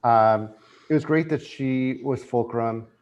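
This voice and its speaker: Male podcast guest, mid-range voice, animated and emotional, gushing in casual chat. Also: mid-range voice, takes it slowly, clear, resonant tone, dull audio. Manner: emotional, excited fan, animated retelling.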